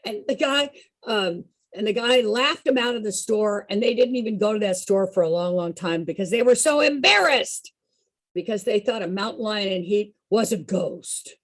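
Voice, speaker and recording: A woman telling a story to a group in an animated way, often asking her listeners questions. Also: mid-range voice, moderate pace. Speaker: storyteller and song leader.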